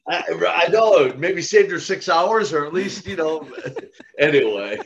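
An older man, a retired wrestler turned minister, telling stories in a casual podcast interview with lively chuckles and restarts. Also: fairly high pitch, measured pace, lo-fi sound. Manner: animated, chuckling, with restarts and repeated words.

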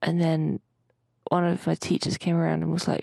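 A woman's voice: lowish voice, level tone, a little fast, vocal fry, a little mellow, no room sound. A young woman co-hosting a podcast, chatting casually as she recounts a dream in a rambling way. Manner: rambling, chatty storytelling with mild swearing. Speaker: podcast co-host.

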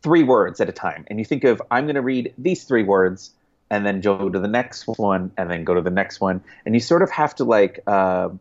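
A man, a guest author, chatting casually in an interview, rambling with restarts and quick laughs. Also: fairly low pitch, lively intonation. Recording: dull lo-fi sound.

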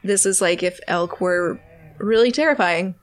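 A woman narrating a tabletop game as game master, relaxed and hesitant with many ums. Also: on the low side, moderate pace, crowd noise.

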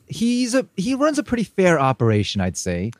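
An animated man on a casual podcast, his voice sitting a little high and swinging widely as he retells scenes. He mocks the lines he quotes. The sound is close and dry. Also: normal speed, dry recording. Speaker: podcast co-host. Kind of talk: casual recap chat.

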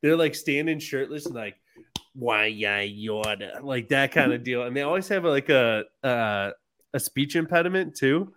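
A man's voice: medium pitch, normal speed, a bit bright. A man co-hosting a podcast, musing in a laid-back, rambling way. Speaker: podcast co-host. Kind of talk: casual chat.

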